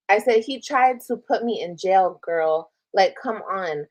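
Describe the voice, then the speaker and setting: A streamer from Texas tells her viewers a personal story in a casual storytime livestream, addressing them directly. Candid and emotional, she reads old messages aloud and swears freely. Her pitch is middling for a woman, and she sounds expressive and unhurried.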